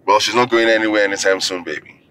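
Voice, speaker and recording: An actor playing a widowed father who gently coaxes his young daughter, with a soft, pleading manner. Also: on the low side, fairly even intonation, fast talker, slight background noise, rough recording. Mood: coaxing. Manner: soft, coaxing, pet names. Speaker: single father. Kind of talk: film acting.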